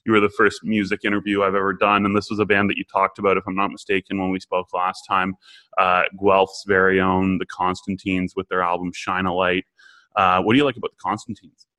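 A man's voice: low-pitched, monotone, fairly quick, pushed and bright, no echo, rough recording. A man hosting a radio interview in a laid-back, easygoing way. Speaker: radio host.

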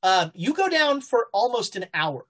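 A woman's voice: fairly high pitch, very animated, fairly bright tone. Hesitant woman running a horror game. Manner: halting, full of fillers and restarts. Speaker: game master. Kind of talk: narrating a horror tabletop game.

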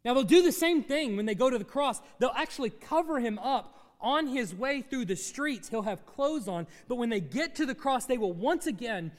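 A man's voice: very high voice, animated, normal speed, few pauses, long reverb tail. A man preaching a sermon as pastor, teaching through a Bible passage and asking his congregation questions.

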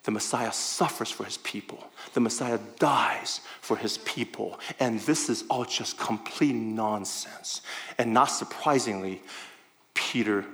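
A man preaching a sermon conversationally, animated and often checking in with the listeners. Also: fairly low pitch, measured pace.

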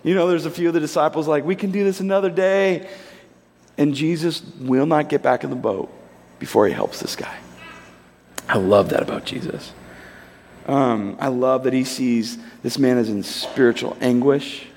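Man, 30s, pastor, chatty sermon style, acts out voices, mid pitch, long reverb in a hall. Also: normal speed, slight background noise. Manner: conversational, animated storytelling, acts out voices. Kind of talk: sermon with storytelling.

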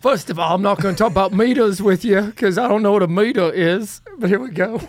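A man's voice: sits high, fairly quick, no room sound. A man co-hosting a podcast in casual chat, joking and giggling. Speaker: podcast co-host.

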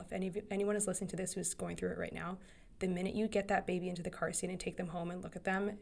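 Woman in her thirties, solo podcast host, earnest, rambling, lowish voice. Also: creaky.

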